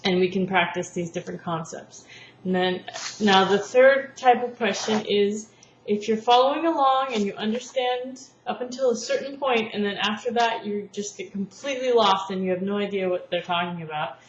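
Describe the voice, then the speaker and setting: A woman's voice: medium pitch, normal speed. Woman explaining a lesson, roomy lo-fi sound. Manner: patient, explanatory, acts out classroom examples. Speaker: language therapy teacher. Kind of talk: spoken lesson walkthrough. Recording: roomy, dull lo-fi sound with faint noise.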